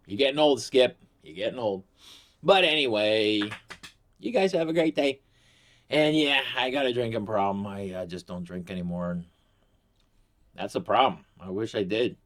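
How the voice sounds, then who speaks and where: A man's voice: fairly low pitch, moderate pace, pauses often. A middle-aged man vlogging, telling a comic story in a casual, rambling way that is profane and self-mocking.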